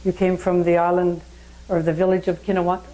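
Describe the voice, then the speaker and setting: Calm island trader, quiet and thoughtful, low mellow voice; a woman reads him. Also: a little fast, lightly acted, poor audio. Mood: gentle. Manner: quiet, thoughtful, asks gentle questions. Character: calm, gentle island man, wise trader.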